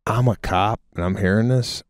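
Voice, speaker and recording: Low-voiced man cutting in incredulously. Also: normal speed, no echo, studio quality. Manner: incredulous, cuts in to riff. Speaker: podcast co-host. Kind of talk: casual banter.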